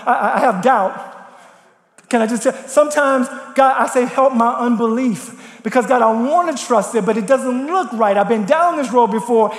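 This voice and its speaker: High-voiced impassioned male preacher, echoey hall. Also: moderate pace. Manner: impassioned, swings from loud to hushed prayer. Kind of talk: sermon. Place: church.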